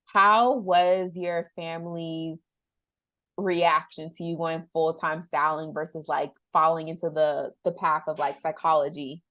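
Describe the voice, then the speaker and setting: A young woman hosts a casual conversation, rambling a little and reaching for words between fillers. Her voice sits somewhat low, and the recording is close and dry. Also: flat delivery, measured pace, fairly bright tone, dry recording. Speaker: podcast host. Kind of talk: casual interview chat.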